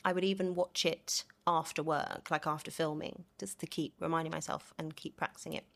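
A woman's voice: low-pitched, steady tone, brisk, vocal fry, a bit bright. A young woman from London, an actor, chatting casually in an interview, with lots of fillers and laughter as she tells stories.

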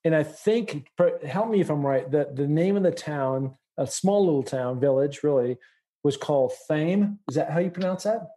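A man's voice: on the high side, normal speed, dark tone. A middle-aged man from the United States hosting a podcast interview, talking with enthusiasm and rambling with many fillers. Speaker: podcast host.

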